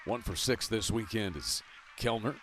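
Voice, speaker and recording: A man calling college baseball play-by-play with a brisk delivery that rises on big plays. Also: lowish voice, a bit bright. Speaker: play-by-play announcer. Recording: noisy ballpark broadcast.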